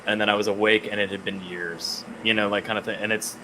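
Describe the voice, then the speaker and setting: Excited man gushing over a comic. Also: lowish voice, quick pace, background noise. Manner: excited, swears often, reads quotes aloud. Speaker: podcast co-host. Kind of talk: casual comic book discussion.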